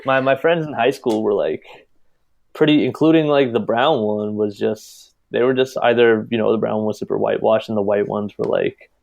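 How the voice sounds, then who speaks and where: A young man, a podcast guest, in casual chat, agreeable and quick to reply. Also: fairly low pitch, steady tone, vocal fry, a little mellow, highs cut off. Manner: agreeable, short backchannel replies.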